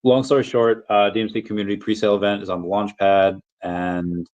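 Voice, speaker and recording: A man's voice: fairly low pitch, level tone, fairly quick, darkish tone, dull audio. A man hosting a casual livestream, reading viewer comments and rambling off on tangents. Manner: rambling, easily sidetracked, self-interrupting. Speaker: crypto livestream host.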